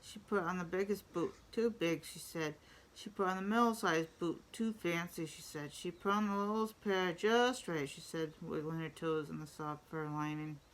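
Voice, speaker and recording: Woman reading a kids picture book aloud, lowish voice, faint hum behind. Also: normal speed, a bit bright, poor audio. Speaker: storyteller.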